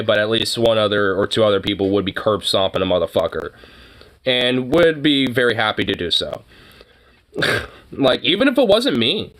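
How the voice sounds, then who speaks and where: A man's voice: mid-range voice, fairly bright tone. Rambling, profane male streamer. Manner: profane, rambling, heavy on fillers. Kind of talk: casual livestream rant.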